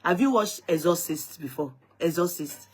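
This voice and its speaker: A woman with a Nigerian accent telling a story to her viewers in a lively, dramatic way, slipping into Yoruba phrases. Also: fairly low pitch, normal speed. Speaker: vlogger.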